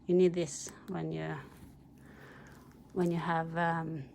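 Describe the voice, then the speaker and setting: A middle-aged Norwegian woman speaks in a lower voice with a Norwegian accent, talking very slowly and gently. She coaxes and praises her dogs, laughing often, and now and then turns to her viewers. A faint hiss of background noise sits under her voice. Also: little pitch movement, gravelly. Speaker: pet channel host.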